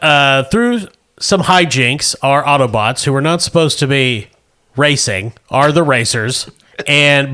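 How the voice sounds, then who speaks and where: A man's voice: medium pitch, sharp tone. A man narrating as game master, setting scenes vividly and chuckling between lines. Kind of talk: narrating a tabletop game for players.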